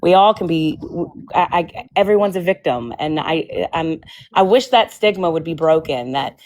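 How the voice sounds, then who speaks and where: A woman's voice: sits low, lively intonation, moderate pace, darkish tone. A woman giving her blunt opinion in a casual group chat, swearing and apologizing in the same breath. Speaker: live stream participant.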